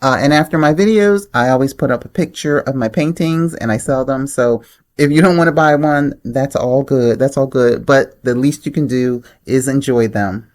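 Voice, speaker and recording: A woman's voice: a bass voice, normal speed, a little mellow. A woman hosting her own channel, giving blunt, opinionated commentary on the news in a casual way. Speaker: channel host.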